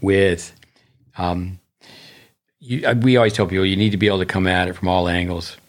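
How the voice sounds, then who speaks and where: Low-voiced man, a rambling coach. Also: steady tone, brisk. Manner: rambling, anecdotal, with bursts of speed. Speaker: tennis coach. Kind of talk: casual podcast chat.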